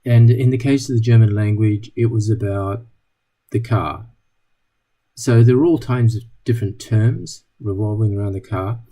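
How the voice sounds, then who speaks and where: A man speaks to an audience in a relaxed, mellow tone with a touch of huskiness. He tells wry anecdotes and acts out short exchanges between people as he goes. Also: lowish voice, moderate pace. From not British. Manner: wry, anecdotal, plays out little dialogues. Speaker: speaker giving a talk. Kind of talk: storytelling talk to an audience.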